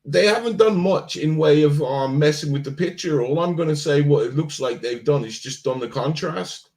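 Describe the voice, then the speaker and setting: A man co-hosting a podcast, talking in a relaxed, easygoing way. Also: on the high side, normal speed. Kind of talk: casual chat.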